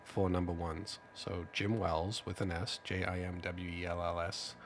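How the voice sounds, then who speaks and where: A man with a Boston accent, co-hosting a local talk show in a relaxed, laid-back way. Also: low-pitched, moderate pace, a little hiss or hum. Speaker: co-host. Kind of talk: casual chat.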